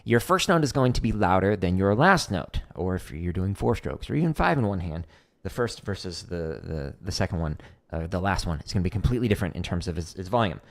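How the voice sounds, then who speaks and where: Lively low-voiced man teaching drums. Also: brisk, vocal fry. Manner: explanatory, talks through demonstrations, fillers like "like". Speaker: drum teacher hosting a livestream Q&A. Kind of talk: casual livestream teaching.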